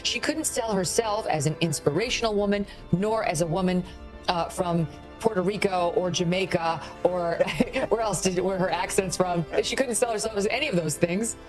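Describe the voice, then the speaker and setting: A woman's voice: on the low side, moderate pace, music in the background. A woman chatting as a guest in a blunt, mocking way and laughing often. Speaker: guest commentator. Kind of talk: casual chat.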